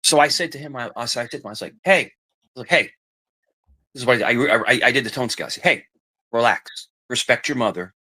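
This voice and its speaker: Rapid-fire and pushed and bright, this middle-aged man's mid-range voice carries his family stories as a podcast guest. The casual chat rambles, he repeats himself, and he acts out the voices of those he quotes.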